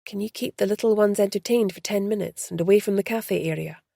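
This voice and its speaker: A practical bookshop owner woman rallying a crowd in a raised, sing-song voice, read by a woman narrator. The tone is gravelly and warm, and the sound is dry. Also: mid-range voice, brisk, no echo. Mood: whispering.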